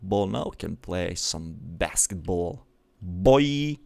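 A young man with a Finnish accent doing let's play commentary, excitable and swearing often at the game. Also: low-pitched, takes it slowly, creaky, no echo. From Finland. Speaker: gaming youtuber.

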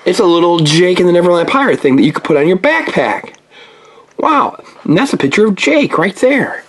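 A woman's voice: lowish voice, sing-song, brisk, slight background noise. A woman hosting a playful toy unboxing for children, chatting with a child helper and throwing in pirate growls.

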